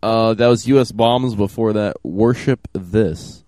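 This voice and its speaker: A man's voice: on the low side, measured pace, dark tone, dry recording. A man co-hosting a podcast, teasing and laid-back, tossing questions back and forth. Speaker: podcast co-host. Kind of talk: casual banter.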